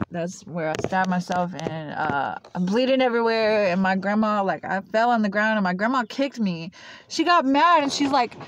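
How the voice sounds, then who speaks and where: A woman's voice: medium pitch, a little hiss or hum. A young woman telling her own story to camera in a loose, rambling way, full of "like" and "uh". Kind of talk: casual personal storytelling to camera. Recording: dull lo-fi, dry sound.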